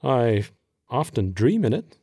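A man's voice: mid-range voice, big pitch swings, slow, warm tone, slightly rough, dry recording, full character voice. Man voicing a wry young corporal, dry, guarded, in the narrator's own voice. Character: tired, hungry, wry young male corporal.

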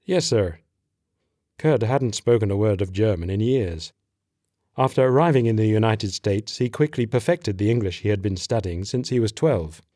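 Man with steady audiobook narration. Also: fairly low pitch, moderate pace, no echo, studio quality.

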